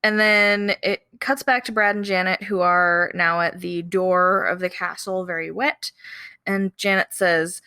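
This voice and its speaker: Woman podcast co-host, unhurried recap delivery, dry close sound. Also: fairly low pitch, steady tone, sharp tone, no echo. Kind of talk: casual podcast chat, recapping a film.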